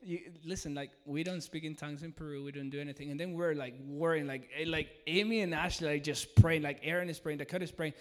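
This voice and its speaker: A man telling an excited testimony, acting out what he and others said, and his voice sits fairly high for a man. His voice rings with the long reverb of a large hall. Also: quick pace, few pauses. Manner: excited, retells with quoted dialogue. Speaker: mission team leader. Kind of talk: animated testimony.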